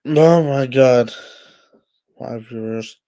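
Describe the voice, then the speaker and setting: A man hosts a casual livestream and answers his chat at an unhurried, drawn-out pace. His talk is thick with fillers and restarts, and he keeps scolding trolls. It sounds like he is speaking into a home streaming mic. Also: mid-range voice, dark tone. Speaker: livestream host.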